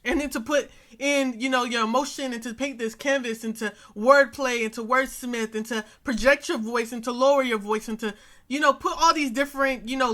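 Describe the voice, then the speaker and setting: A woman's voice: on the high side, a bit bright. A young woman hosting a reaction video, talking in a casual, earnest way and repeating phrases for emphasis. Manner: frequent "you know what I'm saying" fillers.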